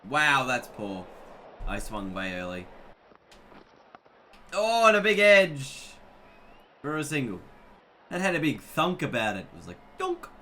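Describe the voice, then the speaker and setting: A man's voice: mid-range voice, very animated, a little slow, long pauses, bright, forceful tone, slight background noise. A young man giving chatty, self-mocking commentary on his own gameplay. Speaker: gaming YouTuber.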